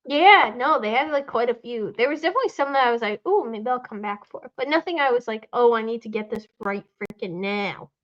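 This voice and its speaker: A woman's voice: a little high, lively intonation, fairly quick, few pauses, a bit bright. A woman co-hosting a podcast in casual chat, with a wry, teasing manner. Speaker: podcast co-host. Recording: dull lo-fi audio.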